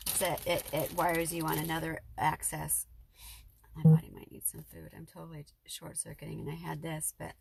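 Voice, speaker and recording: A woman's voice: low voice, gravelly, slight background noise. A middle-aged woman talking to her viewers in an emotional, rambling personal vlog with a spiritual bent. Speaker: vlogger.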